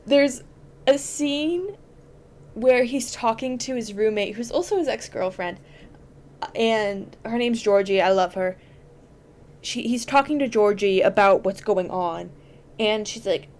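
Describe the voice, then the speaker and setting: Chatty higher-voiced woman podcast host. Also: measured pace, long pauses, a little mellow. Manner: chatty, enthusiastic, explains at length with many fillers. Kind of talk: casual explainer chat.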